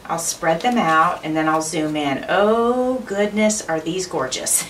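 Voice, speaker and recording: A woman's voice: lowish voice, unhurried, few pauses, far from the mic, slight background noise. A woman hosting her own craft channel, chatting through an unboxing with gushing enthusiasm. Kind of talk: unboxing narration.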